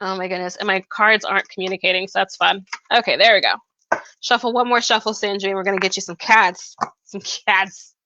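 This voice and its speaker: A woman's voice: medium pitch, steady tone, a little fast, bright, forceful tone, a little hiss or hum, poor audio. A woman from Arkansas hosting a live tarot reading on her phone, chatting in an upbeat way and calling viewers "hun". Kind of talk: live-stream tarot reading, casual chat.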